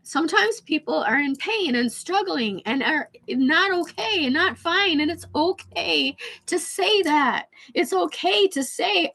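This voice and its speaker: Shaky, high-voiced woman ranting tearfully. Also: lively intonation, a little slow, vocal fry, pushed and bright. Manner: rambling, stammering, repeating herself; blunt, swears freely. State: hoarse from losing voice. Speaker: livestream host. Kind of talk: emotional venting rant.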